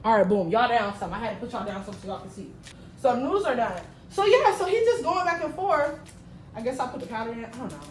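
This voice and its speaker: Cooking at home, a woman in her twenties does a storytime vlog, talking fast at a fairly high pitch, slangy and animated, swinging loud as she recounts events. Recorded in an echoey kitchen with a distant mic, there's a little hiss or hum.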